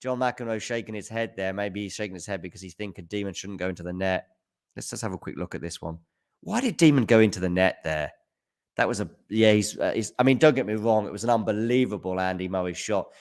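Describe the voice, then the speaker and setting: A man with a fairly low voice calls a tennis match live on a stream in a loose, casual way. He talks back to viewers from the chat between points and jumps up loud at the big shots. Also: fast. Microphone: handheld mic at times.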